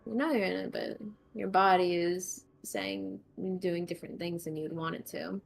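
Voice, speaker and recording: Woman running a tabletop game, real gravelly low voice, hushed storytelling. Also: expressive. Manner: slow, hushed dream narration. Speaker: game master.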